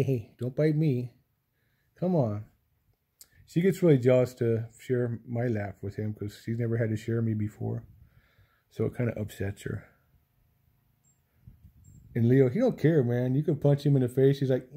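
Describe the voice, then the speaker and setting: A man filming his cats at home on his lap, chatting softly and affectionately to them and his viewers in a casual way. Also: medium pitch, a little slow, pauses often, slightly rough. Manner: soft, affectionate, talks to the cats in baby talk. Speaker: cat owner vlogger. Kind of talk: casual home video chat to pets and viewers.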